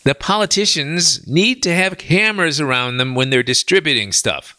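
A male talk show host relaying a translated interview in an animated, indignant retelling. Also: fairly high pitch, normal speed, dry recording.

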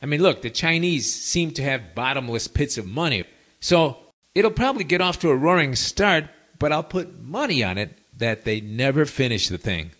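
A man's voice: mid-range voice, expressive, moderate pace, fairly bright tone. A man hosting a podcast, talking to his listeners in a wry, folksy storytelling manner. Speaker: podcast host. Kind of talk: casual monologue to listeners.

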